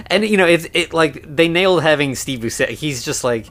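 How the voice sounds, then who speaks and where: A man's voice: a little high, animated, normal speed, a bit bright. A man co-hosting a podcast, chatting casually about a film in rambling sentences full of fillers and restarts. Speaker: podcast co-host. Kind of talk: casual movie discussion.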